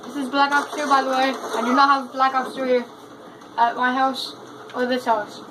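High-voiced excitable woman gaming. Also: normal speed. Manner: excitable, chatty, exclamatory. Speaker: gamer. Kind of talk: casual gameplay commentary. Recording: noisy gameplay capture.

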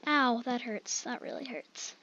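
A young woman gamer giving excitable, jokey live commentary and talking to her viewers as she plays. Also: fairly high pitch, measured pace, highs cut off.

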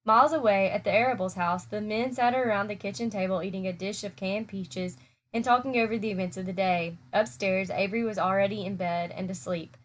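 A woman teacher reads a children's chapter book aloud. Her delivery is steady and clear, as storytelling for young listeners. Her pitch is middling for a woman. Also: brisk, slight background noise.

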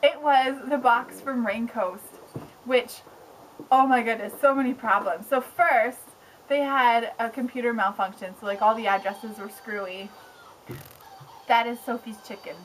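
A young woman book blogger chatting casually on camera at home, excitable and rambling, with lots of "like". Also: on the high side, a little slow, slight background noise, rough recording. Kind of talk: casual vlog chat. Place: home with pets around.

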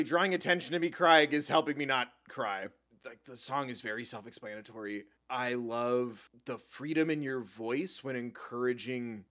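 A man's voice: mid-range voice, fairly bright tone. A young man hosting a casual reaction video, emotional and openly moved, swearing often and laughing between his words.

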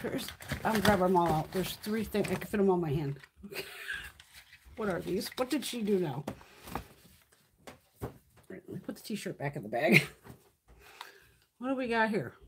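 A woman's voice: medium pitch, expressive, a little slow, long pauses, noisy background. A woman hosting a casual live stream, telling stories bluntly with plenty of swearing and frequent laughter. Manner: blunt, heavily profane storyteller; laughs often while talking. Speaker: livestream host.

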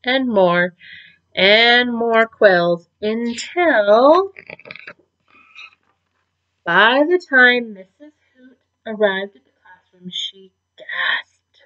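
Gentle woman teacher reading aloud. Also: on the high side, lively intonation, very slow, pauses often. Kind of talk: reading a storybook aloud to children. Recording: dull lo-fi recording.

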